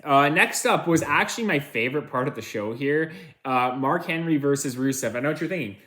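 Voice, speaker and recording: A man's voice: fairly high pitch, lively intonation, brisk, pushed and bright. Rambling man recapping wrestling matches. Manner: rambling, filler-heavy, self-correcting. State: tired, yawning. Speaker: wrestling reviewer. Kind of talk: casual recap commentary.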